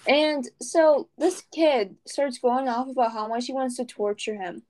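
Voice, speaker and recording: A teenage girl co-hosting a laid-back podcast with her friend. Her voice sits a little on the high side, and she rambles through her stories with plenty of fillers and laughter. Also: fairly even intonation, measured pace, darkish tone, low-quality recording. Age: teens. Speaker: podcast co-host. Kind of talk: casual chat.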